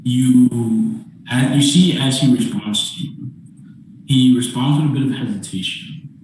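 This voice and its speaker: A man's voice: medium pitch, measured pace, darkish tone. A man narrating as game master in a casual, filler-heavy way. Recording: very echoey, mic far off.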